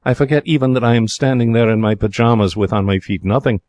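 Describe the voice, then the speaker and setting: A man playing an excitable young Frenchman. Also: medium pitch, fast, dry recording, close to an everyday voice. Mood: wistful. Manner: broken English, theatrical and emotional. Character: young excitable romantic Frenchman, former hotel cashier. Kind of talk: 1940s radio drama narration.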